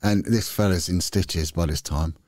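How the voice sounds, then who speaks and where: This low-pitched, slightly mellow male voice moves at a normal speed on a dry recording. He's a middle-aged podcast guest who used to be a police detective, and he tells candid, wandering stories in a relaxed chat, frequently starting over mid-thought.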